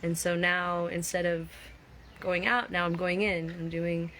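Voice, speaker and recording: A woman's voice: fairly low pitch, flat delivery, unhurried, a bit bright, a little hiss or hum. A woman vlogger chatting casually with her viewers, greeting them by name and reflecting aloud. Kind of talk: casual live-stream chat.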